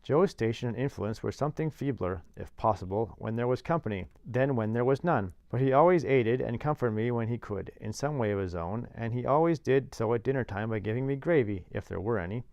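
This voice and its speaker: A man's voice: mid-range voice, animated, fairly quick, vocal fry, few pauses, a little mellow, no echo. A man reading a classic novel aloud as narrator, with dry, wry asides.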